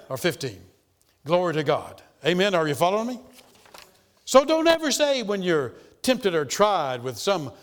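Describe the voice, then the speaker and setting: A man preaching a sermon, emphatic and repetitive, rising into loud insistent bursts. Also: on the high side.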